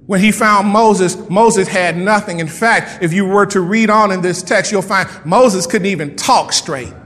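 A man preaching a sermon as pastor of his church, animated, with playful asides and lively storytelling. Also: high-pitched, big-room sound. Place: church sanctuary.

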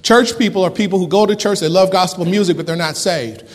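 A man preaching a fervent sermon as pastor, with dramatic pauses and big swings between loud and soft. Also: sits high. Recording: long hall reverb.

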